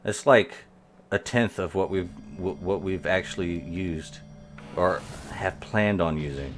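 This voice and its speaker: A man's voice: low-pitched, measured pace, a little hiss or hum. A man giving rambling live gameplay commentary as a streamer, talking to his viewers while he plays. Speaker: game streamer.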